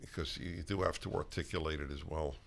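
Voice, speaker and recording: An older man hosting a political talk show conversation, emphatic and halting, with frequent restarts. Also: very deep voice, steady tone, vocal fry, a little hiss or hum. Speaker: host.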